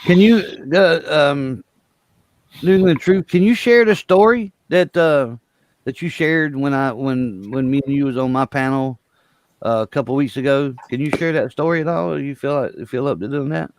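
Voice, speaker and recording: A man's voice: fairly high pitch, moderate pace. A man with a Southern US accent chatting on a live panel, rambling and heartfelt with lots of fillers. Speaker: panel guest. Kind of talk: casual chat.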